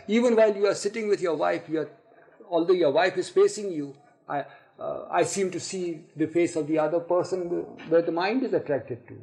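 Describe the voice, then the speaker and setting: Older man, gravelly voice, raised pitch, halting storytelling, archival tape. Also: darkish tone, poor audio. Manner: halting, repeats words, laughs while telling stories. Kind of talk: spiritual reminiscence talk.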